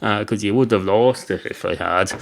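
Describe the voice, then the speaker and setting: A man's voice: lowish voice, moderate pace, vocal fry. An Irish man voicing a smug, long-winded male barman who explains things pedantically. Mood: pedantic.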